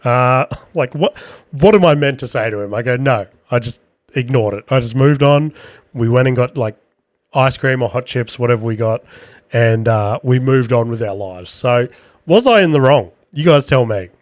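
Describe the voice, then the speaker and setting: Aussie bloke telling a crude story on his podcast, mid pitch, dead dry mic. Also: moderate pace, dry recording. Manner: crude, self-deprecating, animated. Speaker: podcast host. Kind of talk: casual storytelling.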